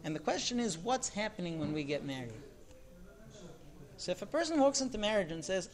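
A man preaches in the manner of a rabbi, his pitch swinging widely as he stresses each point. He talks emphatically and keeps throwing rhetorical questions at his listeners. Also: sing-song, a little fast, long pauses. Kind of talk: sermon.

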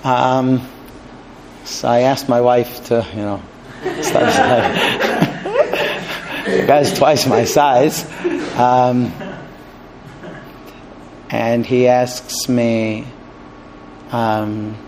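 A man's voice: mid-range voice, fairly even intonation, very slow, pauses often, a little mellow, a little hiss or hum. A man teaching a Torah class, earnest and conversational, telling a personal story. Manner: earnest, storytelling, with restarts and light laughs.

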